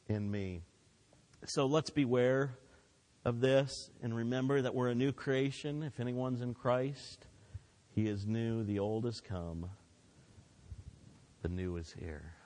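A male pastor preaching a sermon in a church, with emphatic delivery that swells and drops and leads the congregation in call-and-response. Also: medium pitch. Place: church sanctuary. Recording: long hall reverb.

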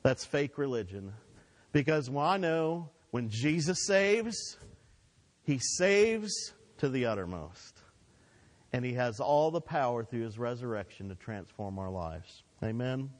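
A man's voice: mid-range voice, animated, a little slow. Male pastor preaching, emphatic ups and downs, long church reverb. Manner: emphatic preaching with swelling and dropping delivery, leads call-and-response. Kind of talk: sermon. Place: church sanctuary.

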